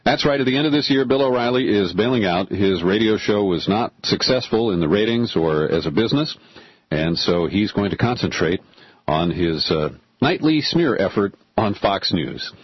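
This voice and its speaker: Husky-voiced male radio talk host. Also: lowish voice, moderate pace, dry recording. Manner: opinionated, sarcastic, lively delivery. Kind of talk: radio talk show monologue. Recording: dull lo-fi radio broadcast.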